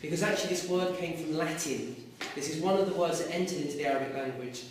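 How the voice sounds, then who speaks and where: A man teaching a class, explaining words and questioning his students in a lively way. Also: on the high side, quick pace, slight background noise. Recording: echoey classroom recorded from far off.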